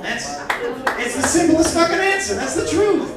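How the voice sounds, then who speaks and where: Young male stand-up comic, crude and brash, recorded from a distance in a boomy bar room. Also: moderate pace. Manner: crude, brash punchlines with lively swings in loudness. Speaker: stand-up comedian. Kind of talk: stand-up comedy set. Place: bar venue with a live audience. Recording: echoey bar room, distant mic, crowd noise. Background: crowd reactions.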